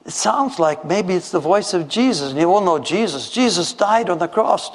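A man tells a story in a sermon, lively and a little high-pitched, jumping into character voices. He stumbles and restarts often. His voice rings out in a large echoey hall. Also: moderate pace. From Minnesota. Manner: animated, acts out voices in his stories, many restarts. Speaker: preacher.

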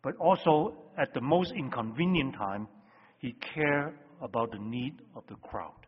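A man preaching a sermon as pastor, emphatic, with loud stresses that drop to hushed phrases. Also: mid-range voice, animated, unhurried, breathy edge. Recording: dull lo-fi sound with long hall reverb.

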